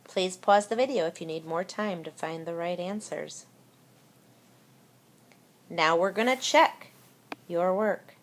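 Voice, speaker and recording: A woman's voice: fairly low pitch, slow, pauses often. A woman teacher giving a recorded spelling lesson to young children, talking them through words and spelling them out letter by letter. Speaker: elementary school teacher.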